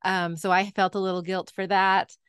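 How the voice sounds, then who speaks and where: A woman hosts a podcast interview in a clear, smooth voice at a middle pitch. She asks searching questions with empathy, and the recording is close and dry. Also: little pitch movement, normal speed, fairly bright tone, dry recording. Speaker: podcast host.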